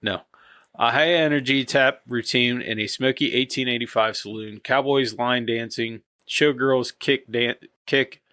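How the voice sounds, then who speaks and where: A man's voice: medium pitch, steady tone, a little slow, bright, forceful tone. A man hosting a casual podcast chat, rambling and losing track of names as he talks. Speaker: podcast host.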